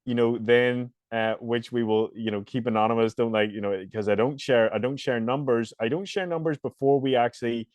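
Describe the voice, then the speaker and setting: A man's voice: medium pitch, fairly even intonation, a little fast, hardly any pauses, darkish tone, no room sound, muffled recording. A man with a Northern Irish accent hosting a casual podcast conversation, talking in an earnest, reflective way with lots of "you know" fillers. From Northern Ireland. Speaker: host and fitness coach.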